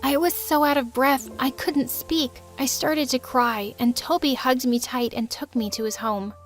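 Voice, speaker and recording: Speaking in the first person at a measured pace, a young woman with a high, bright voice narrates a dramatic animated story. She sounds emotive and lively, with faint music behind her.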